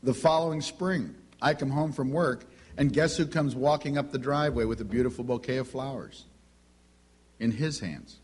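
A middle-aged man speaks at a medium pitch and normal speed, his tone leaning dark. He is giving a teaching talk on Christian parenting, telling family stories and acting out the dialogue between family members.

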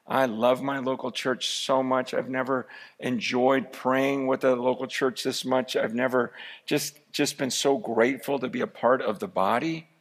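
Gravelly, conversational male preacher. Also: mid-range voice, fairly even intonation, normal speed. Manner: conversational, anecdotal, many restarts. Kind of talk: sermon storytelling.

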